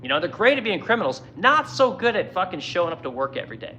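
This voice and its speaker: A man's voice: high voice, very animated, fast talker, sharp tone, slight background noise, low-quality recording. A man who owns a furniture business, ranting angrily and swearing constantly in a heated monologue. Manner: profane, angry, heated. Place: furniture workshop in Missouri.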